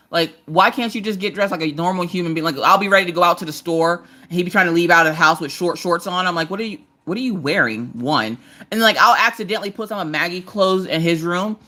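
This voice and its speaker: A woman's voice: lowish voice, quick pace, sharp tone. A woman in her thirties hosting a casual live stream, telling stories while she crafts and acting out quotes in different voices. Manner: chatty storytelling, acts out quotes in character voices; talks while working on a craft project.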